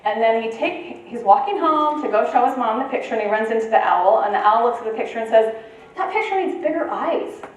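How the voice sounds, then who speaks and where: A woman's voice: a little high, fast, hardly any pauses, slight background noise. Woman speaking in a very echoey room. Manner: conversational, checks in with the audience. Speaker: conference presenter. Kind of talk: informal talk to a live audience. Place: meeting room at a retreat. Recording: very echoey room, voice from far off, faint ambience.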